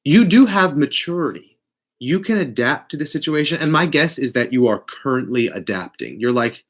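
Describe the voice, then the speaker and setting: A man giving a casual live tarot reading, blunt and profane, with big swings in pitch and loudness. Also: animated, normal speed. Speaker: tarot reader.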